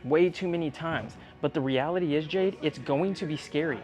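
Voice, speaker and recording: A man's voice: a little high, normal speed, darkish tone, soft background music. A man coaching a young athlete one-on-one in a gym, speaking directly and earnestly, often checking whether she believes him. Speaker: tumbling coach.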